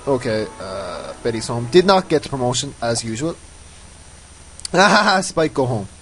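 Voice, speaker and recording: A man's voice: medium pitch, big pitch swings, moderate pace, soft background music, rough recording. A man giving casual, rambling commentary over his own gameplay, often mocking himself. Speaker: let's play host.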